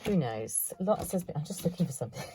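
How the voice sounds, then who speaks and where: A woman's voice: low-pitched, animated, moderate pace, mellow, slight background noise. A woman showing her craft haul in a casual, chatty vlog, thinking aloud with self-mocking asides. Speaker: craft vlogger.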